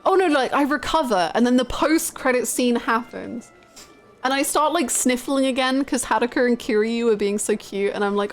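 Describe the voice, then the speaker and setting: Young British woman streamer, high-ish voice, lively chat, soft game music behind. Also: normal speed. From United Kingdom. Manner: animated, laughing storytelling, reading chat aloud. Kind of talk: casual live-stream chat with viewers.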